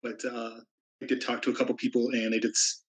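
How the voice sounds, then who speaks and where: A man talking to his tabletop group in a halting, measured way. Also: medium pitch, level tone, breathy edge, poor audio. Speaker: tabletop game player. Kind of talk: casual chat between players.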